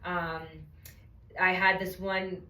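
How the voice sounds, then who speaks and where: A woman's voice: lowish voice, little pitch movement, slow pace, pushed and bright. A woman telling stories in a casual chat, acting out what people said. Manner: chatty storyteller, acts out quotes. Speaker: medium, podcast guest. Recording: echoey room, far from mic.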